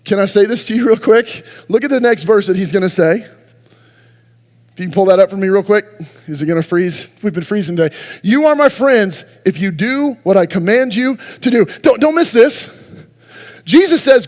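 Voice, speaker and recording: A man's voice: sits high, animated, normal speed, big-room sound. A man preaching a sermon as pastor, talking conversationally and firing rhetorical questions at the congregation. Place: church sanctuary.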